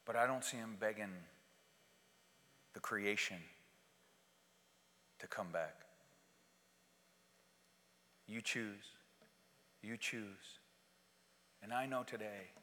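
A man preaching a sermon as pastor to his congregation, slowly and emphatically, with repeated phrases. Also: lowish voice, pushed and bright. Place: church sanctuary. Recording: long hall reverb in a church.

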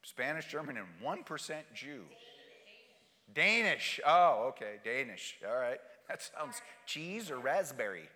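A man preaching a sermon, swinging from hushed lines to shouted refrains and bantering with his congregation. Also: mid-range voice, very animated, measured pace. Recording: long hall reverb.

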